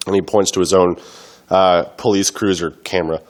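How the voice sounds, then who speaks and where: A young man commenting casually on a video, rambling with many fillers, coughing and a little unwell. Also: low-pitched. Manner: rambling, loose, full of fillers. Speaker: vlogger.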